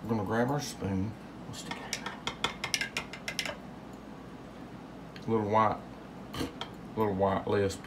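A man's voice: on the low side, fairly even intonation, slow pace, pauses often, background noise. A man hosting a casual home cocktail demonstration, rambling and joking in drawled asides, recorded in a home kitchen. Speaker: home cocktail show host.

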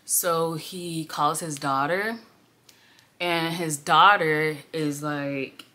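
A woman's voice: low voice, steady tone, extremely slow, bright, forceful tone. A young woman in her twenties telling a rambling storytime in a chatty way, full of "like", while doing her makeup. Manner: chatty, rambling, heavy use of "like". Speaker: beauty vlogger. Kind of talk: casual get-ready-with-me storytime.

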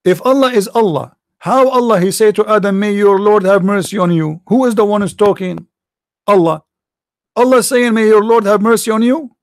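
Guy with an arabic accent ranting, sarcastic and disbelieving, high voice, dry close sound. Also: normal speed, no room sound. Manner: sarcastic, incredulous, mimics sneezes. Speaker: online religious commentator. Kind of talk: mocking monologue reading from a screen.

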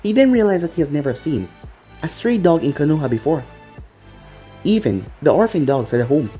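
Animated fan-fiction narrator over faint music. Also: mid-range voice, fairly quick. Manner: animated, acts out the characters. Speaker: channel storyteller. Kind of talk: reading a fan story aloud.

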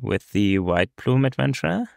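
A man's voice: medium pitch, sing-song, moderate pace, gravelly, darkish tone, no echo. A man playing a card game on a show, announcing his plays matter-of-factly. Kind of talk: casual game banter.

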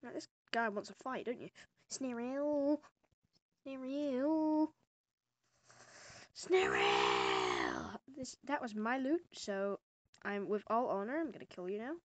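A woman giving casual gameplay commentary, excitable and prone to loud exclamations, with quiet muttered asides. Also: medium pitch, brisk, dry recording. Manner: excitable, bursts into exclamations and laughs. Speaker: gamer.

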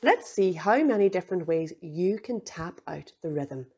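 A woman's voice: on the low side, lively intonation, normal speed, hardly any pauses, mellow, breathy edge. A woman teacher leading a playful children's rhythm lesson, chanting the beats.

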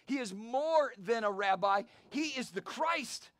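A middle-aged male pastor preaching an energetic, storytelling sermon outdoors and calling for amens. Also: extremely high pitch, measured pace, no room sound. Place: outdoor church service.

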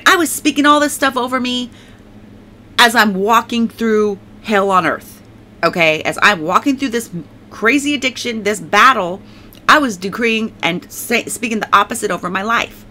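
A woman's voice: fairly high pitch, pushed and bright. A woman giving a casual spoken faith testimony, rambling and emphatic, leaning on "like" and repeating herself, and now and then thanking God aloud. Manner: prays aloud.

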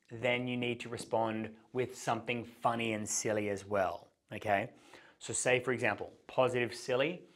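Man coaching on conversation at a whiteboard. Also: medium pitch. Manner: animated, acts out both sides of conversations. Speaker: dating coach. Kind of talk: whiteboard lesson with acted pickup lines.

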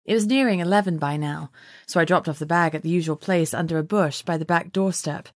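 A woman narrating an audiobook in first person with steady, measured storytelling. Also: lowish voice, no echo, clean studio sound.

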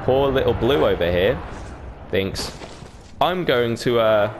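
A man's voice: mid-range voice, animated, unhurried, long pauses. A man giving casual, profanity-heavy commentary over his own gameplay, with a laid-back manner. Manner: laid-back, swears a lot, mimics others. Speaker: gaming YouTuber. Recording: noticeable background noise.

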